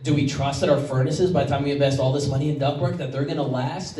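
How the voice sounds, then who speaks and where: A man's voice: medium pitch, fairly even intonation, fast talker, hardly any pauses, mellow. A man, a pastor, preaching a sermon in a conversational storytelling way. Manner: conversational storytelling, choked up at times. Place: church sanctuary. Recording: echoey church hall from far off.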